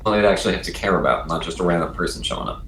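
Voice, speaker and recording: A man's voice: low voice, expressive, rapid-fire, roomy sound, noisy background. A man playing a tabletop game, asking questions and offering practical suggestions. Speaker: player.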